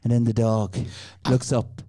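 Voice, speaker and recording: A man's voice: mid-range voice, unhurried. A man telling an improvised comic story on a podcast, rambling and acting out little voices. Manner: rambling, animated, acts out voices. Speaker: improv comedy podcast guest.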